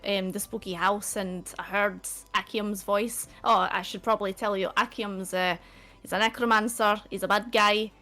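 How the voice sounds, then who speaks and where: A woman, playing her character at a tabletop game in an excitable, apologetic way and laughing often. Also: medium pitch. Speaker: player. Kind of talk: tabletop role-play in character.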